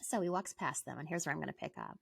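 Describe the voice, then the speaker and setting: A woman novelist from British Columbia, reading calmly from her book and chatting as a guest. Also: sits low, fast, creaky, a little hiss or hum. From British Columbia, Canada.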